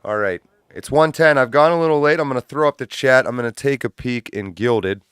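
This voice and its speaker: A man hosting a livestream in loose, profane, casual chat, breaking into loud laughs. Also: mid-range voice, brisk, clean tone, dry recording, clean studio sound, soft background music. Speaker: livestream host.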